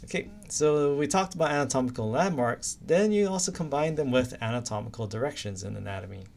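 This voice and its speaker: Animated and brisk, with vocal fry and a darkish tone at medium pitch, a man from Hawaii gives a recorded anatomy lecture. He's casual and chatty, tossing in silly stories as memory aids.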